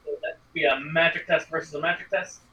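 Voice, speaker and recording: A man's voice: a little high, fairly even intonation, quick pace, bright, forceful tone, dull audio, slight background noise. A man playing a tabletop game, answering the game master with brief, polite replies. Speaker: player.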